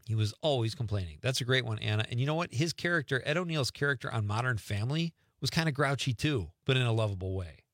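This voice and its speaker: Lively middle-aged male radio host. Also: medium pitch, dry recording, clean studio sound. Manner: lively, jokey, quick reactions. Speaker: radio talk show host. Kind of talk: casual radio chat reading listener texts. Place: radio studio. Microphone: studio microphone.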